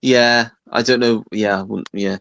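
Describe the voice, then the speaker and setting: A man's voice: medium pitch, fairly even intonation, a little slow, gravelly, fairly bright tone, no echo, muffled recording. A man co-hosting a livestream, chatting easily, laughing along and reading out viewer comments. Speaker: co-host. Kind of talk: casual chat.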